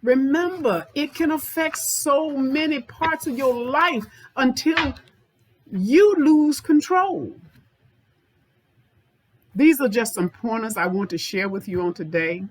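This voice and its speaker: A woman's voice: sits high, a little slow, hardly any pauses, rough recording. A woman anger management therapist giving an informal self-help talk, speaking directly to viewers and repeating points for emphasis.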